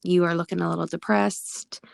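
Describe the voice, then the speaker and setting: A young adult woman speaks as a podcast guest in a low voice with plenty of vocal fry. She is earnest and reflective, recorded close and dry with no room sound. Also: level tone, brisk, no room sound. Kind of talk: casual podcast interview.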